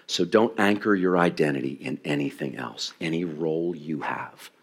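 Animated man in his fifties preaching. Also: a bass voice, normal speed. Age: 50s. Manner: animated, acts out voices of people in the story. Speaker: pastor. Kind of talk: sermon. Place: church stage with screen.

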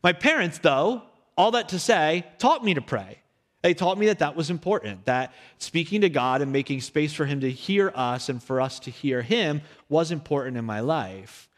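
A young male pastor giving a sermon in his church, telling stories from his childhood in a lively storytelling manner. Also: on the high side, moderate pace. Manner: storytelling, animated, acts out his younger self in quotes. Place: church sanctuary. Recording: echoey hall.

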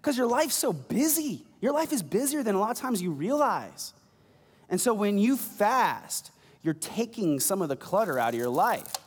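Pastor, male, high voice, casual jokey sermon, reverberant hall. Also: very animated, normal speed, a little hiss or hum. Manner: conversational, joking asides.

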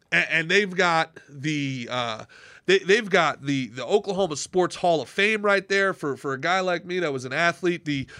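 A man with a bright, slightly raised voice hosts a casual podcast from a dry studio. He wanders through his stories with fillers and restarts, then lands his points with emphasis. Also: fairly high pitch, no room sound. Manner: rambling, hesitant, with many restarts, then emphatic. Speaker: podcast host.

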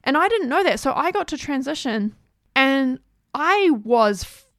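A woman's voice: high-pitched, very animated, measured pace, no room sound, clean studio sound. A woman host telling a personal story in an earnest, chatty way, often saying "like".

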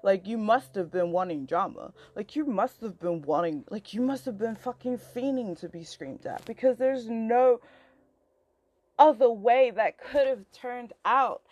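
A woman's voice: a little high, animated, unhurried, a little mellow, no room sound. A young woman ranting to a friend, heated and profane, rambling with constant filler words, her voice rising as she gets worked up. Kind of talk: angry personal rant to a friend.

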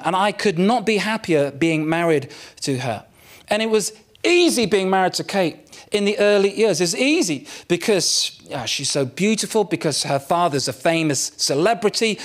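A man preaching a sermon, telling a personal story in a candid, self-mocking way with dramatic pauses. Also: fairly high pitch. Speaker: pastor.

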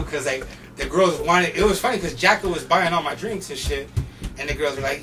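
A man from North Portland, a podcast guest, telling casual stories in an animated, profane way and acting out other people's voices. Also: a little high, normal speed, over music. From North Portland, USA. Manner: animated, profane, laughing, acts out quoted voices. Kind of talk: casual storytelling. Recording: distant mic with steady background noise.

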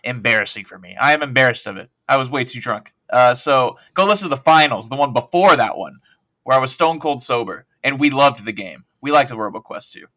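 A man's voice: mid-range voice, lively intonation, fairly quick, sharp tone, no echo. A man chatting as a guest on a gaming podcast, rambling and joking in a self-deprecating way. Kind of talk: casual podcast chat.

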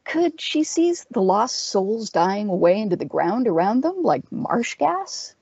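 A woman reading a dark fantasy story aloud, in a measured, expressive narration. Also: mid-range voice, breathy edge, no echo. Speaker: story reader. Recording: dull dry lo-fi sound.

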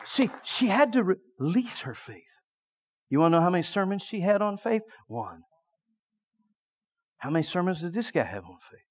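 A middle-aged male preacher telling a story in a sermon, dropping to a hush and then shouting. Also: high-pitched, normal speed, long pauses. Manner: lively storytelling that swings from hushed to shouting.

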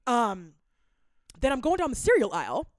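A woman's voice: fairly high pitch, big pitch swings, moderate pace, dry recording. A young woman co-hosting a podcast, who is sick, tells a rambling, self-mocking story in casual chat with lots of fillers. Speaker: podcast co-host.

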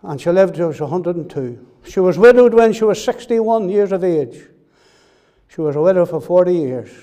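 A male preacher delivers an earnest sermon in a fairly high voice with a soft, warm tone. He repeats his key phrases and presses the listeners with direct questions. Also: lively intonation, normal speed.

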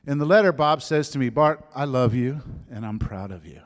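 A man's voice: medium pitch, animated, normal speed, few pauses. Man preaching a testimony in a reverberant hall. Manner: storytelling, drops to soft whispers at emotional moments. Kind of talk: sermon testimony.

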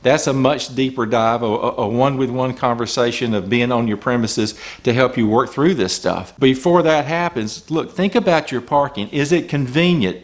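A man coaching small business owners, talking emphatically and firing off rhetorical questions from the customer's point of view. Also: mid-range voice. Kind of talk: business advice talk.

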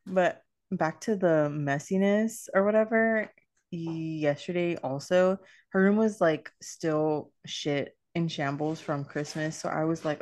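A woman's voice: sits low, slow pace, a little mellow, no room sound. A young woman and mother in casual chat, telling stories full of fillers and quoted back-and-forth. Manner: chatty, lots of fillers and quoted dialogue.

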